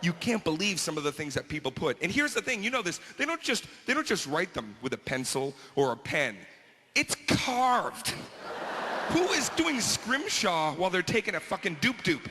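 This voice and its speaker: A man's voice: sits high, big pitch swings, normal speed, in a large hall, noisy background. A man performing crude, exasperated observational stand-up comedy.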